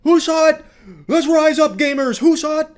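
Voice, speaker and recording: A man's voice: extremely high pitch, fairly even intonation, moderate pace, voice pushed up. A man voicing a shrieking, furious, entitled woman who mocks her own outrage as she rallies a crowd. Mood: shrill outrage. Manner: screeching, mocking, rallying a crowd.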